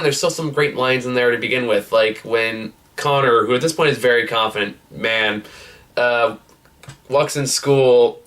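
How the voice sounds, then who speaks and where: A man's voice: medium pitch, fairly bright tone, recorded from a distance. A man giving a casual, rambling movie review, swearing freely and laughing as he retells scenes. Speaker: film reviewer.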